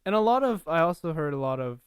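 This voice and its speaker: A man's voice: fairly high pitch, big pitch swings, fast, smooth, no echo, studio quality. A young man co-hosting a podcast, chatting in an easygoing way. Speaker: podcast co-host. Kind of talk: casual chat.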